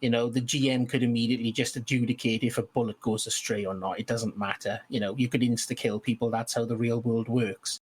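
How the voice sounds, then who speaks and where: A man's voice: mid-range voice, steady tone, fairly quick, few pauses, husky. A man co-hosting a podcast in casual chat about tabletop games, talking hesitantly with many restarts. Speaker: podcast co-host.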